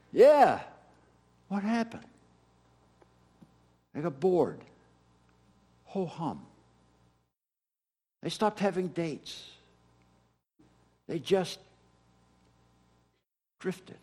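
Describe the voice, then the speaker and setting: A man's voice: a little high, drawn-out words, pauses often, breathy edge. A middle-aged man preaching a sermon as pastor, emphatic and repeating key phrases. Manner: animated, emphatic preaching with repetitions.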